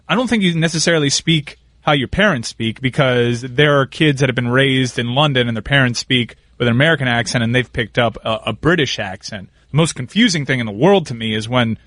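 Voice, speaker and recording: A man's voice: medium pitch, a little fast, hardly any pauses, fairly bright tone, no echo, clean studio sound. A man hosting a radio show, musing and playful in casual banter. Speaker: radio host.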